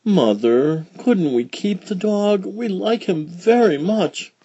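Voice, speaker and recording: A man reading a children's storybook aloud, voicing an eager, tender little girl in a high, pleading voice. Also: lively intonation, takes it slowly, mellow, slightly rough, no echo, muffled recording, exaggerated voice.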